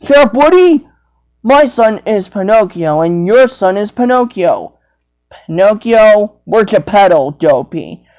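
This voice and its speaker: A woman's voice: medium pitch, big pitch swings, slow pace, a little mellow. A young woman acting out a playful toy role-play, switching between character voices in a rambling, swooping way.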